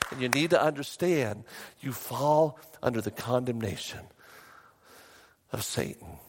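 A middle-aged man preaching a sermon as a pastor, emphatic, his voice rising high in bursts. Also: long reverb tail.

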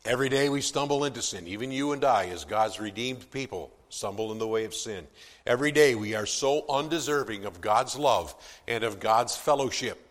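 A man preaching a sermon as pastor, swelling from soft to loud for emphasis, with some stammered restarts. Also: fairly low pitch, normal speed, big-room sound.

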